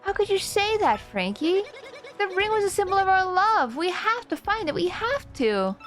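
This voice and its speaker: A woman's voice: extremely high pitch, very animated, normal speed, a bit bright, soft background music, voice pushed up, heavily acted. A woman voicing a clingy, lovestruck female goomba wife from a video game, pouting and guilt-tripping with a raised voice. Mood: pouty. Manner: pouty, dramatic guilt-tripping.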